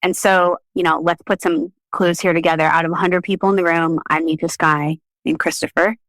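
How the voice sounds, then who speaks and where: Lively woman telling a story. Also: fairly low pitch, a little fast, no room sound. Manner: animated storyteller, laughs often, acts out quoted voices. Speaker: podcast guest, shamanic practitioner. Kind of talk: storytelling in a podcast interview.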